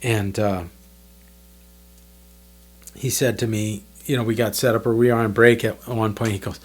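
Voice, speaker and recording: A man's voice: fairly low pitch, steady tone, unhurried, pauses often, slightly rough. A man in his fifties recounts his gigging days in a loose, chatty monologue. He rambles, restarts his sentences and keeps the tone casual. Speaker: channel host, drummer.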